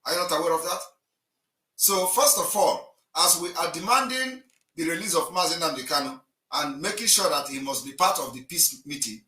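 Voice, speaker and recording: A man giving an impassioned political address, emphatic and declaiming, swinging between loud and quiet. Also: a little high. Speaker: livestream broadcaster. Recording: echoey room, distant mic.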